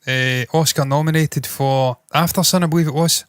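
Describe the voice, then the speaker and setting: A man's voice: a little high, fairly even intonation, moderate pace, a bit bright, clear, resonant tone, dry recording, clean studio sound. A man hosting entertainment news, giving blunt, opinionated commentary with frequent swearing.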